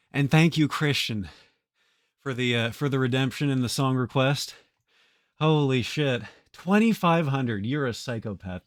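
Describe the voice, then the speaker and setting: Male live streamer, casual and excitable, quick to curse, medium pitch, dry close mic. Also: no room sound. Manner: excitable, swears a lot, thanks chat. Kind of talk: casual live-stream chat while playing.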